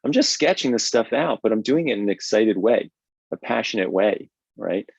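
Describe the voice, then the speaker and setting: A man with a lowish voice teaches drawing on a live stream, talking in an energetic, conversational way. He keeps asking "right?" as he builds his ideas out loud. The sound is dull and lo-fi, with a dry, close feel and no room echo. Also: moderate pace, vocal fry, breathy edge. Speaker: drawing instructor and host. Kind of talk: live online drawing lesson.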